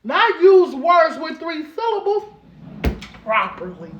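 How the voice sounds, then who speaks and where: A lively woman vlogger talks straight to her camera at home, her voice sitting a little higher than most. She keeps it playful and animated, calling her viewers baby and girl. The room gives her voice a roomy echo. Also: measured pace, muffled recording, slight background noise. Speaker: vlogger and mom. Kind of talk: casual chat to camera. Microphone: camera set up on a stand.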